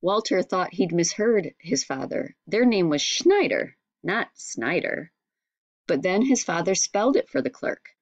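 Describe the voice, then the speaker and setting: Low-voiced woman reading a story. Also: dry recording. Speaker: audiobook reader. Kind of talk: storybook narration.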